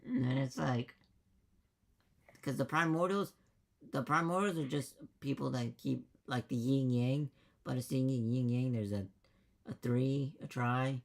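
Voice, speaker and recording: A man's voice: medium pitch, measured pace, vocal fry. A man, the dungeon master, rambling emphatically and swearing in a casual chat after a game.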